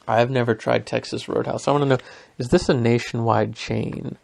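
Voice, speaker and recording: A man's voice: medium pitch, fairly even intonation, moderate pace, creaky. A young man hosting a podcast, rambling through a story in a self-deprecating way with lots of fillers. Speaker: podcast host. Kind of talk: casual rambling monologue.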